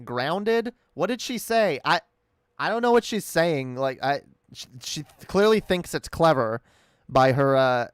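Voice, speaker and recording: A man's voice: fairly high pitch, animated, measured pace, smooth, no room sound, studio quality. A man giving casual, profane reaction commentary on a video, incredulous and rambling. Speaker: commentary streamer.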